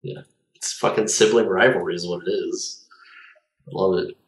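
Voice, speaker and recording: A man playing a tabletop game, talking in a relaxed, conversational way. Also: low-pitched, normal speed, a crowd in the background. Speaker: player. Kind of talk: casual tabletop role-play. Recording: roomy, distant mic.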